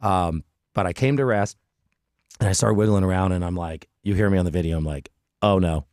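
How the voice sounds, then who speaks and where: A middle-aged man hosting a podcast, telling a story in an animated, chatty way with frequent restarts. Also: low voice, fairly quick, dry recording, studio quality. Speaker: podcast host. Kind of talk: casual storytelling chat.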